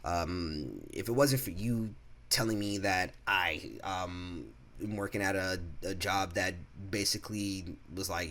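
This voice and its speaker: Young man vlogging a story at home; loose, cursing, restarts often, voice a bit low. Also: unhurried, fairly bright tone, a little hiss or hum. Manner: casual, profane, stumbles and repeats words. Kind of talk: storytime vlog. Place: home room.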